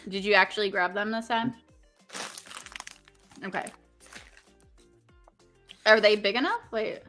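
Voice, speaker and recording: A woman co-hosting a casual podcast, excitable and full of fillers as she plays a quick-fire quiz game. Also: medium pitch, faint music behind. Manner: excitable, lots of fillers and hesitations. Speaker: co-host.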